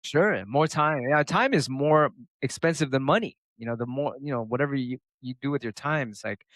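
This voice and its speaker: A man's voice: mid-range voice, moderate pace, dry recording. A middle-aged man from the United States, a turntablist guest, talking casually and profanely in an interview, acting out quotes. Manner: profane, animated, acts out quotes.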